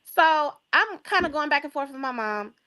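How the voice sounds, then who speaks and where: A young adult woman from the Chicago area, a guest telling a long story in a casual chat, lively and acting out the voices of the people in it. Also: high-pitched, normal speed. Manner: lively, acts out quoted voices, laughs often.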